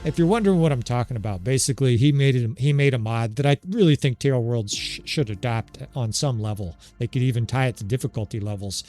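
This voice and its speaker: Excitable dude talking over his strategy game, swears a lot, laughs, keeps saying right?, loud game music behind him. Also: mid-range voice, quick pace, few pauses. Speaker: gameplay commentator. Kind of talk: casual gameplay commentary. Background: game soundtrack music.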